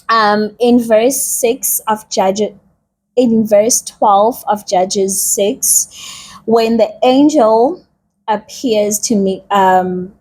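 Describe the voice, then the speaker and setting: A woman's voice: medium pitch, darkish tone, breathy edge. A woman giving a casual, chatty bible teaching in a vlog, with loose slang and plenty of repetition. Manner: chatty, slangy, repeats herself.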